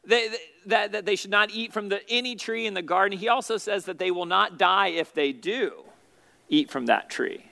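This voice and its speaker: A man's voice: sits high, normal speed, creaky, bright, forceful tone. A man teaching a youth Bible study as its pastor, asking questions and calling on students by name. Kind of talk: interactive Bible study lesson.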